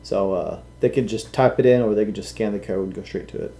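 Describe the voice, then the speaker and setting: A man's voice: fairly low pitch, fast talker, warm tone, slight background noise. A man co-hosting a live stream in casual chat, who tells a dad joke with a straight face. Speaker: podcast co-host.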